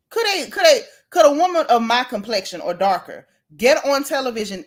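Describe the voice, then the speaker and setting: Sassy, animated woman gossip host. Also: a little high, moderate pace. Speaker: livestream host. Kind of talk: casual gossip livestream, reading viewer comments.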